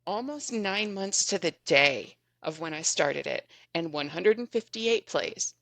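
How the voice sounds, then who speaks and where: A woman podcast guest telling a story in an animated, chatty way, often laughing as she goes. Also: on the low side, unhurried, dry recording. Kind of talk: casual storytelling.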